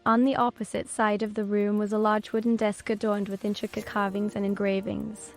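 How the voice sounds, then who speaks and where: A woman reading a fantasy audiobook as first-person scripted narration, telling it evenly and unhurriedly. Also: mid-range voice. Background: soft background music.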